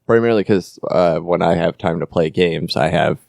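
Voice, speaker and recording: A man hosting a podcast, chatting casually about board games with jokes and quick self-corrections. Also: sits low, creaky, darkish tone, dry recording, clean studio sound. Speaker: podcast host.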